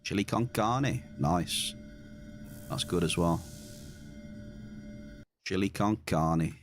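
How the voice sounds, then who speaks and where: A man's voice: low-pitched, slow, soft background music. A man streaming a game, chatting casually and answering his viewers. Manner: chatty, reads and answers chat. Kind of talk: casual gaming stream chat.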